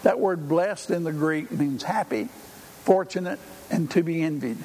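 A man's voice: on the high side, unhurried, mellow. An older man preaching a sermon in a folksy, conversational way, with frequent fillers. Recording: hall reverb, faint room noise.

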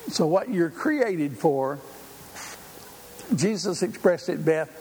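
A man's voice: a little high, animated, slow, a little mellow. An older man preaching a sermon in a folksy, conversational way, with frequent fillers. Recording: hall reverb, faint room noise.

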